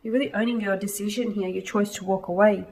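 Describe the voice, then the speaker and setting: A woman's voice: mid-range voice, fairly even intonation, quick pace, darkish tone, low-quality recording. A woman giving a casual tarot reading to her viewers, reassuring and repeating that she feels and sees things in the cards. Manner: reassuring, repeating "I feel like" and "I'm seeing". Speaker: tarot reader.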